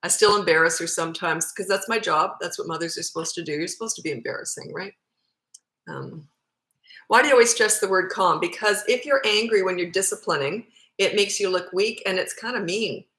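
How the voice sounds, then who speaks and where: Woman, 50s, parenting coach doing casual Q&A; bright, forceful voice, blunt delivery, roomy echo. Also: lowish voice, animated, fairly quick. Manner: blunt, matter-of-fact, answers questions read aloud. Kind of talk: casual Q&A advice.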